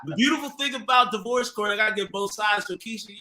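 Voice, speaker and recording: A man's voice: sits high, fast talker, sharp tone, roomy sound. A man who works as a TV producer, telling stories in a casual, slangy conversation and laughing often. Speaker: TV producer guest.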